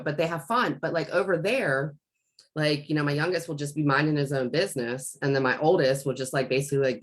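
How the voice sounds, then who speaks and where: A woman co-hosting a casual talk show, rambling as she retells a talk with her son. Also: deep voice. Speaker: podcast co-host. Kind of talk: casual conversation.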